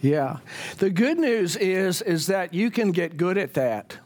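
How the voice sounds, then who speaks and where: A man's voice: sits high, sing-song, slow pace, darkish tone. A man, a pastor, leading a church Bible class in a conversational way, often putting questions to the group.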